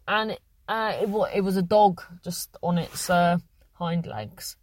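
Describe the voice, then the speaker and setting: A woman's voice: medium pitch, steady tone, unhurried, no room sound. A young woman hosting a podcast, chatting casually and reading out listener messages, rambling and correcting herself. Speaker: podcast host.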